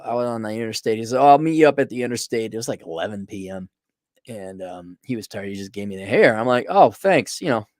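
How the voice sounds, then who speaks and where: A man's voice: mid-range voice, a little mellow, no room sound, studio quality. A middle-aged man telling a rambling, self-mocking story in a casual monologue, full of sarcastic asides. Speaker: podcast host.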